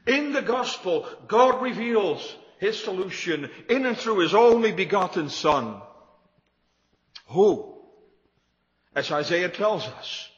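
A man's voice: high-pitched, long reverb tail, lo-fi sound. A man preaching a sermon to his congregation, emphatic and repetitive, building his points with rising emphasis. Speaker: pastor.

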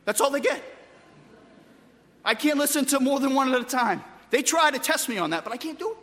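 A man preaching a sermon with emphatic delivery, moving between loud bursts and quiet, soft passages. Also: extremely high pitch, expressive, a little fast, big-room sound. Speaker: pastor.

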